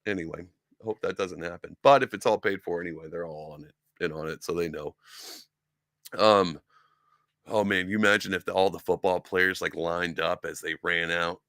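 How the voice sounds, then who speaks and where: Hosting a one-man podcast, he rambles through casual commentary with sarcasm, frequent ums and restarted sentences, his sci-fi collectibles visible behind him. He talks at a normal speed in a low, fairly bright voice with fairly even intonation. The audio is studio quality with no echo.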